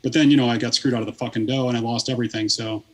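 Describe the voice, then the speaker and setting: A man's voice: mid-range voice, steady tone, racing. A man in his thirties, a podcast guest, telling a long story in casual, rambling talk full of swearing and fillers.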